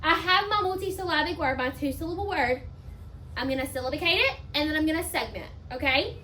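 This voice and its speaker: A woman teacher giving a spelling lesson, talking slowly and emphatically and sounding words out part by part. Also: high voice, sharp tone, slight background noise. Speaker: elementary school teacher.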